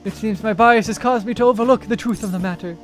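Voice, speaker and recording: A man's voice: high voice, fast, soft background music, natural voice. A man reading a pompous, grandiose young male artist aloud on stream, with theatrical, flowery speech. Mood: pensive.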